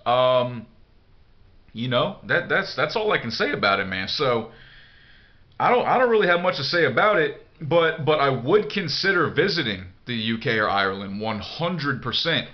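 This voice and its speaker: A man's voice: mid-range voice, sing-song, normal speed, highs cut off. A man in a casual vlog monologue answering a viewer email, blunt and profane, rambling with lots of fillers. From United States. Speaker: vlogger.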